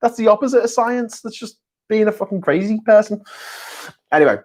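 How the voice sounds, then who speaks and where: Scouse guy in his 30s doing a late night live chat, sarky and sweary, voice sits a bit high. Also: lively intonation, fairly quick. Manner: sarcastic, blunt, swears freely. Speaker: host. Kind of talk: casual live chat reading viewer messages.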